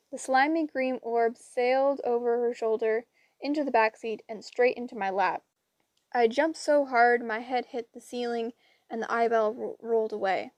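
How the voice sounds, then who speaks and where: Woman, audiobook narration, dramatic and lively, fairly high voice, dry close sound. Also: dry recording. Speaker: audiobook reader.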